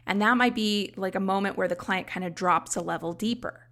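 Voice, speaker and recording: A woman's voice: medium pitch, brisk, few pauses, a bit bright. A woman hosting a podcast, explaining coaching skills in a conversational teaching manner with frequent casual asides. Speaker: life coach trainer and podcast host. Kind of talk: instructional podcast talk.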